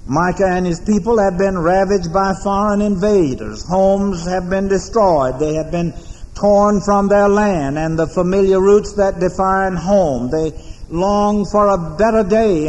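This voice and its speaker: An American man preaching a sermon as pastor, in a measured, solemn oratorical manner with deliberate pauses, in a large church sanctuary. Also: sits high, darkish tone, slight background noise. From United States. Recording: long reverb of a large church hall.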